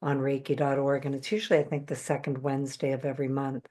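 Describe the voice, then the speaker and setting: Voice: medium pitch, flat delivery, quick pace, darkish tone. An interview host prompting the guest to talk.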